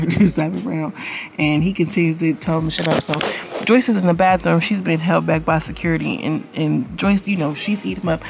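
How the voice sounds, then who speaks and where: Low-voiced woman recapping a reality show. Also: creaky. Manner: chatty, blunt, slangy, addresses viewers directly. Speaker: YouTube reality-show reviewer. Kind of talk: casual commentary recap. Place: indoors at home.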